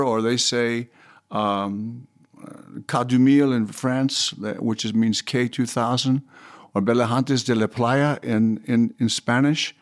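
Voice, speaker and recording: An older man, a guest in an interview, telling stories in a rambling way, repeating words and now and then breaking into bits of song. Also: medium pitch. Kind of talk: animated storytelling.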